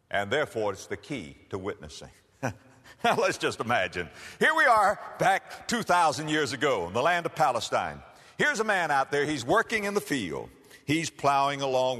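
A man preaching a sermon, telling a story dramatically and swinging between loud and hushed. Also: mid-range voice, long reverb tail.

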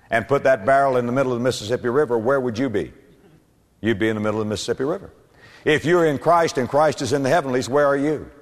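A man preaching a sermon, stressing key words by slowing down and rising in pitch. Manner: emphatic preaching, slows and rises on key words. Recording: long hall reverb.

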